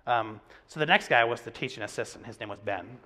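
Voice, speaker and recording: Bright-voiced pastor telling stories. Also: male voice, medium pitch, fast. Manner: conversational storytelling with many fillers. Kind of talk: sermon.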